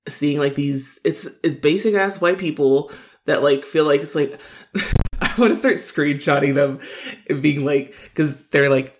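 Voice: medium pitch, steady tone, moderate pace. A podcast co-host venting frustration in a rambling casual chat, full of fillers.

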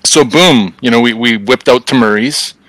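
Middle-aged man, bright profane storyteller. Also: mid-range voice, normal speed, no room sound, poor audio. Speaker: podcast guest. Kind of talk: casual storytelling chat.

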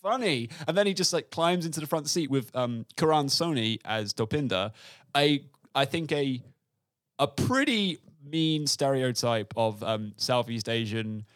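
A man's voice: medium pitch, expressive, unhurried, a bit bright, no echo. A man co-hosting a podcast, chatting casually about a film and laughing often as he talks. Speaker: podcast co-host.

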